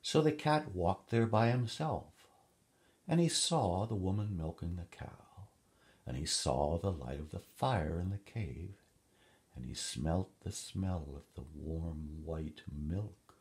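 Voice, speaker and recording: Man, low voice, unhurried, storybook reading aloud, rhythmic. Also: slightly rough. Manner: slow, rhythmic, lively pitch. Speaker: narrator.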